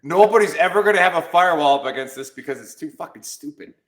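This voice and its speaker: A man's voice: a little high, fast, fairly bright tone, roomy sound, a little hiss or hum. Joking, profane male podcast host. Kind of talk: rowdy casual chat.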